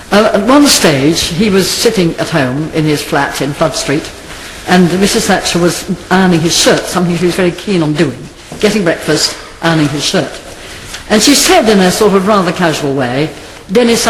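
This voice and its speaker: A high-pitched man tells a measured anecdote to an audience. His voice rings with a long hall reverb. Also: animated, slight background noise. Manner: measured, storytelling. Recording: echoey hall.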